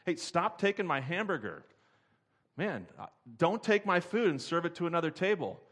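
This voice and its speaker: A man voicing a grumpy, overworked waitress who complains loudly and bickers with coworkers. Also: big pitch swings, normal speed. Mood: bickering. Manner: shrill, complaining.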